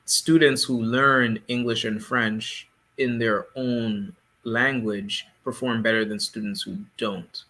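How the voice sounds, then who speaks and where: A man co-hosting a casual panel discussion, speaking in a measured, explanatory way. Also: mid-range voice, fairly even intonation, sharp tone. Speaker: podcast co-host.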